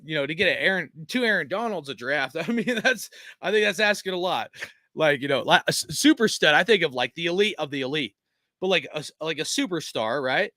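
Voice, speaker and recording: Tired fed-up guy ranting on a fan stream, swears a lot, bright edgy voice, dry close mic. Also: fairly high pitch, dry recording. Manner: profane, frustrated venting with lots of fillers. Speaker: fan channel host. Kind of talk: live-stream fan rant reading chat.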